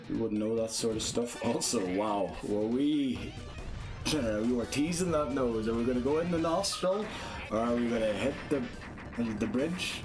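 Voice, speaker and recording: A man giving casual, self-deprecating commentary to viewers while playing a motion-control game live. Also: mid-range voice. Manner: chatty, self-deprecating, thinking aloud to viewers. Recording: game music playing behind the voice. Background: game music.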